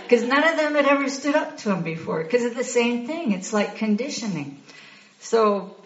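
A woman in her sixties telling a personal recovery story, candid and halting, often breaking into laughs. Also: on the high side, animated, a little hiss or hum. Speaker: guest sharing a recovery story. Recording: roomy, dull lo-fi recording.

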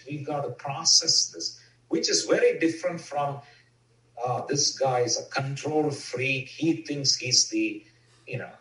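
A man's voice: mid-range voice, sharp tone, reverberant, distant mic, poor audio. A man speaking earnestly and reflectively in a personal recovery share, with many fillers. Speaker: twelve-step member sharing.

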